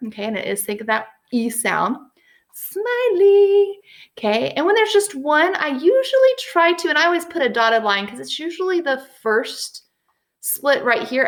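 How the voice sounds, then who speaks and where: A woman teaching young children a phonics lesson, patient and encouraging, slowly sounding out letters and words. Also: on the high side, expressive, fairly bright tone. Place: at home with a whiteboard.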